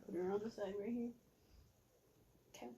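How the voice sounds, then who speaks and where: A woman's voice: medium pitch, steady tone, normal speed, heavy background noise. A young woman vlogging casually while she eats, rambling in blunt, slangy talk with lots of fillers. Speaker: mukbang vlogger. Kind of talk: casual vlog chat while eating.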